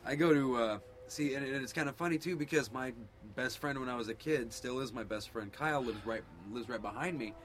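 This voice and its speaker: A man's voice: medium pitch, brisk, hardly any pauses. Chill dad guy rambling, mid voice, faint hum in the room. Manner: laid-back, rambling, filler-heavy. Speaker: parent. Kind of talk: casual podcast chat.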